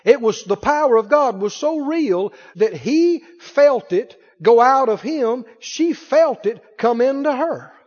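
A pastor preaches to his congregation in a church sanctuary, his voice extremely high, animated and a little mellow. He speaks slowly with few pauses, emphatic as he acts out the people in the story. The sound is dull and the hall reverberant.

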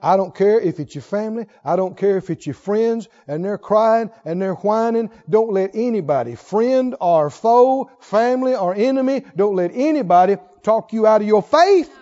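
Fervent high-voiced male preacher, lo-fi. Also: animated, moderate pace, hardly any pauses, warm tone. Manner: fervent, exhorting, calls for audience response. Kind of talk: sermon. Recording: dull lo-fi recording.

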